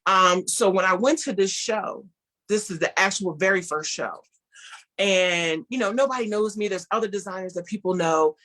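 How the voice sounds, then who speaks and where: Woman telling her story with animated quotes. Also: medium pitch, normal speed. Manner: speaks of herself as an introvert. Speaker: guest, clothing designer. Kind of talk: storytelling interview talk.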